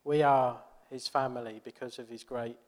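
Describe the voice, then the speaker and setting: Earnest preacher in a ringing church. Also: male voice, mid-range voice, steady tone, moderate pace, big-room sound. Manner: conversational, earnest, asks rhetorical questions. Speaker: pastor. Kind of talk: sermon.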